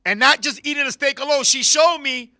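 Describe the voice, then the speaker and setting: A man hosting a talk show in a studio, telling a comedic story with loud bursts and laughing asides. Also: very high-pitched, brisk. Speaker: podcast host.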